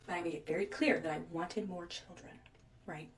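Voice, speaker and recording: A woman's voice: lowish voice, fairly even intonation, fairly quick, far from the mic. A woman in her twenties telling a personal story with indignation, acting out the people in it. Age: 20s.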